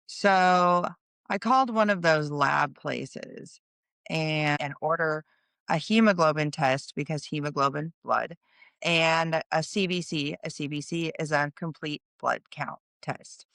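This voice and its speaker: A woman's voice: deep voice, measured pace, gravelly, fairly bright tone, dry recording, studio quality. A middle-aged woman hosting a podcast, earnestly telling a personal story in a conversational way and explaining things as she goes. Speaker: podcast host.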